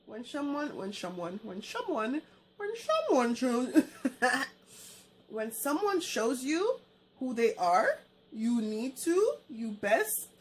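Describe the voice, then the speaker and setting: Young woman, storytime vlog, higher voice, casual, animated, acts out dialogue. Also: a little hiss or hum. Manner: conversational, informal storyteller. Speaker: vlogger.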